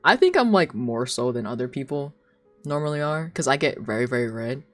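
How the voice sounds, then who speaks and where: A woman's voice: rumbling low, brisk, faint music behind. A young woman streamer chatting casually while she draws, telling stories with lots of giggles. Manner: giggly, animated storytelling.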